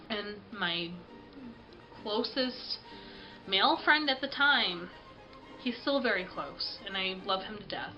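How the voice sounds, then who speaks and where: A woman vlogger with a mid-range, expressive voice talks slowly with long pauses, faint music behind her in a muffled recording. Tired and sniffly, she tells a rambling, chatty story full of fillers in casual vlog style.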